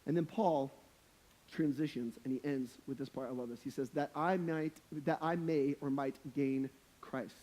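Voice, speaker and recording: A man's voice: medium pitch, fairly even intonation, normal speed, dark tone. A young adult man preaching a sermon as a pastor, in a casual, slangy, conversational way with humorous, emphatic points.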